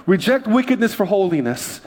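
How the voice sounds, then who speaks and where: A male pastor with a high, bright-sounding voice, preaching in an easygoing, conversational way. He slips into low, quiet asides, then builds into loud, excited storytelling. He speaks from a church stage. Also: brisk. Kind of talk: sermon.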